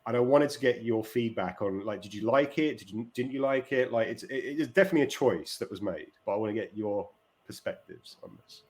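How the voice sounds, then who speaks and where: A man's voice: mid-range voice, brisk, a little mellow. A man hosting a casual film chat, talking in a rambling way with many fillers and restarts.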